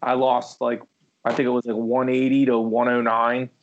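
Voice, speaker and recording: A man's voice: medium pitch, completely flat delivery, normal speed. A man in casual sports chat who jokes and repeats his phrases. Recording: dull lo-fi sound.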